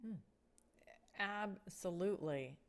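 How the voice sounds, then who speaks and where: A woman hosting an interview, responding in a slow, reflective way. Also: mid-range voice. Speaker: host. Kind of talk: interview chat.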